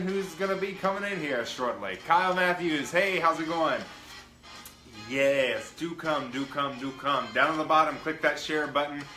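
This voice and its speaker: A man's voice: mid-range voice, sharp tone, echoey room, poor audio. A man hosting his own live-stream show, chatting casually and greeting viewers by name in an upbeat way. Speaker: livestream show host.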